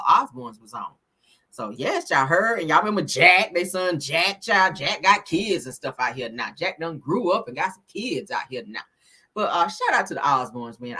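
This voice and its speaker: A woman's voice: on the low side, sharp tone, husky. A woman vlogger reacting to news clips in a sassy, chatty way, laughing often and calling her viewers honey and child. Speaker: commentary vlogger. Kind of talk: casual reaction commentary.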